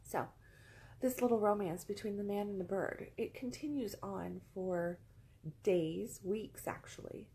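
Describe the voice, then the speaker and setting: A woman's voice: medium pitch, warm tone, low-quality recording. A woman vlogger telling a casual, rambling story, repeating phrases for emphasis, settled among pillows indoors.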